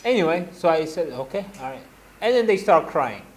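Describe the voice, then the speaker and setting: Animated man telling classroom stories. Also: a little high, fairly quick. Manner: anecdotal, animated, laughing asides. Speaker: religious teacher. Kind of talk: casual classroom lecture.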